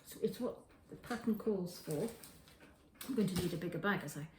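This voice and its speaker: Speaking fairly quickly in a low-leaning, darkish voice, a woman runs her knitting podcast from her kitchen, rambling through casual show-and-tell and correcting herself often. The rough audio has an echoey room and a little hiss or hum.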